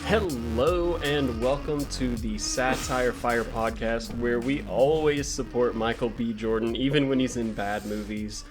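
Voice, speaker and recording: A man's voice: mid-range voice, a little slow, hardly any pauses, music in the background. A man hosting a podcast in casual, joking chat. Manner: relaxed, joking, laughs often. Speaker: podcast host.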